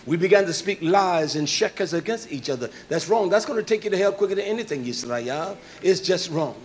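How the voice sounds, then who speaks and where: A man preaching a sermon, emphatic, rising to shouts and dropping to soft asides. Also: high-pitched, lively intonation, brisk, a little hiss or hum.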